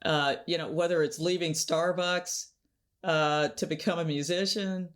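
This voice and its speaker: Slow, animated woman telling stories. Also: low-pitched. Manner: animated storyteller, laughs often, acts out quotes. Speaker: guest. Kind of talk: conversational interview storytelling.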